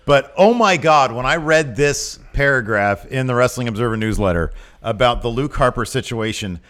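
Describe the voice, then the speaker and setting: Man, podcast co-host, lively swooping pitch, worked up, exasperated. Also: normal speed. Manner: animated, gets worked up and exasperated. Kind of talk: casual wrestling podcast chat.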